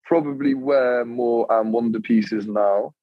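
A man's voice: medium pitch, slow pace, dry recording, muffled recording. A young man, chatting as a podcast guest in a laid-back, rambling way. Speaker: podcast guest, clothing creator. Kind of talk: casual chat.

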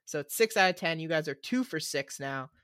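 A man's voice: on the high side, animated, a little fast, fairly bright tone, smooth, dry recording, clean studio sound. A young man co-hosting a casual podcast, teasing his friends as he reads out player ratings.

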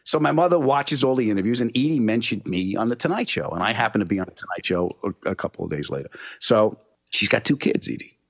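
A middle-aged man telling a funny story in a casual chat, punchy and animated. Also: fairly low pitch, fast, no room sound, studio quality. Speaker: comedian guest.

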